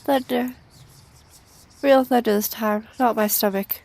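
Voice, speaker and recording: Slow-talking woman with vocal fry. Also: fairly high pitch, fairly even intonation, a little mellow. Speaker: game player. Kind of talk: let's play commentary.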